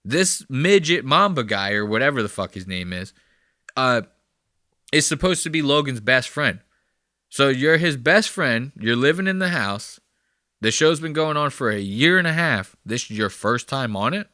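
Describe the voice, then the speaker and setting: A man's voice: medium pitch, animated, moderate pace, sharp tone, no echo. A man hosting a podcast, riffing crude and profane comedic commentary in a rambling, conversational way on a close mic. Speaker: podcast host.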